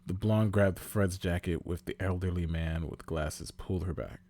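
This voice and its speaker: Animated man reading fanfic aloud. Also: sits low, normal speed, vocal fry, hardly any pauses. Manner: animated, laughs at own voices. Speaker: podcast host reading fanfiction. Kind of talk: comedic dramatic reading.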